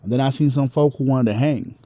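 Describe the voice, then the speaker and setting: A man voicing a blunt, street-wise older Southern man with a slow, plainspoken drawl. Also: medium pitch, mellow, no room sound, close to an everyday voice.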